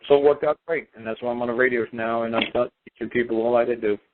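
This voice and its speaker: A man's voice: mid-range voice, steady tone, quick pace, slight background noise. A man telling a personal story on talk radio in a defiant, emphatic, repetitive way. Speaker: radio show guest speaker. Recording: tinny phone-line radio sound.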